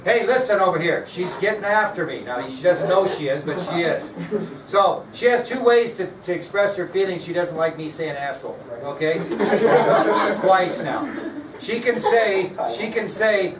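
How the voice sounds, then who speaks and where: A male history teacher lectures in a blunt, folksy way, tossing questions at his class. His voice sits a bit high for a man. It is picked up from across an echoing classroom, with steady noise behind it. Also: measured pace. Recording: echoey classroom from far off with noise.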